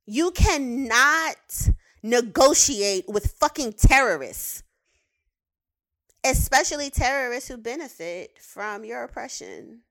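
A woman's voice: on the high side, very animated, slow, a bit bright. A woman giving a heated, profane commentary, repeating words for emphasis; she works in the behavioral sciences. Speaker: behavioral science professional with clients. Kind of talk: casual ranting commentary.

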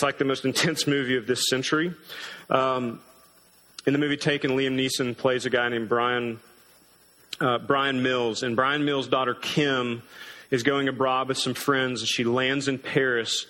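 A man preaching a sermon as pastor, earnest and emphatic, slowing down hard to stress key words. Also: mid-range voice, sharp tone, low-quality recording.

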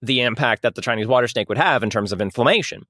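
Laughing man with a lively voice. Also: mid-range voice, fast, no echo, studio quality. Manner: laughs often, jokey, puts on voices when reading quotes. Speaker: podcast co-host. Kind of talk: casual comedic chat.

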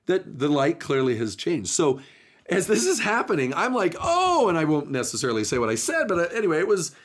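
A talkative man spins stories in a relaxed podcast chat. His voice sits somewhat high and swoops all over the place as he gets animated, a born connector who loves to talk. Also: a little fast, husky. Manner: animated, chatty storyteller. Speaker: podcast host. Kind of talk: casual storytelling chat.

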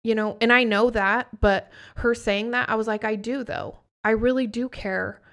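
A woman's voice: a little high, fairly even intonation, normal speed, a bit bright. A woman in her thirties, a host and coach, talking candidly and emphatically in a motivational chat, swearing freely. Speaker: podcast host and business coach. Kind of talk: motivational casual talk.

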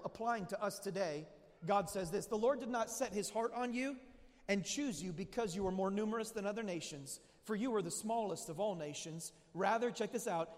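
A man preaching a sermon to a live audience, emphatic and full of questions to the crowd, rising to shouts. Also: high-pitched. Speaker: pastor. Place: large hall with audience. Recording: long hall reverb.

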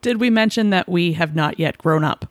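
A woman in her forties from the Boston suburbs, co-hosting a podcast with playful, teasing banter and quick interjections. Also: fairly low pitch, no room sound. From Boston suburbs, USA. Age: 40s. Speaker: podcast co-host. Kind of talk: casual comedic podcast banter.

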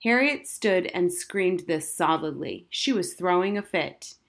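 Woman reading a children's story, lowish voice. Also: expressive, measured pace. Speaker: narrator. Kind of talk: audiobook reading of a children's novel.

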